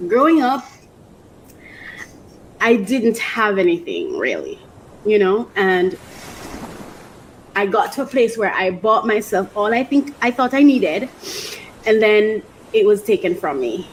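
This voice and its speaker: A woman's voice: medium pitch, slight background noise, rough recording. A woman vlogger chatting casually as she unboxes, exclaiming often and laughing between phrases. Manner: thinks aloud about her life.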